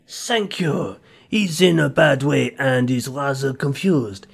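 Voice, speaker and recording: A man playing a joking, husky crew mate. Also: medium pitch, slow pace, heavily acted. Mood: cheeky. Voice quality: jokey, loud and playful. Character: cheeky male crew member on a time-travel mission. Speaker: crew member. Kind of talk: amateur audio drama acting.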